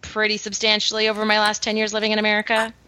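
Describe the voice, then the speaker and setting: A woman from Canada with a softened Canadian accent, hosting a podcast in casual, chatty talk full of "like" and "um". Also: medium pitch, monotone, very fast, smooth, no room sound. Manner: chatty, filler-heavy, laughs often. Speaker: podcast host. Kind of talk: casual chat.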